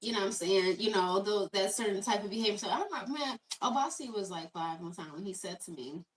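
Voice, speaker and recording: A woman's voice: medium pitch, a little fast, a little hiss or hum. A mother and podcast co-host chatting casually in a rambling way, saying "you know what I mean" again and again. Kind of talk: casual chat. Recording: distant mic.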